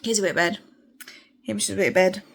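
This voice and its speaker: A woman's voice: mid-range voice, fast talker, creaky. A young woman vlogging casually about her reading, rambling and chatty, tired and sniffly. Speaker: book vlogger.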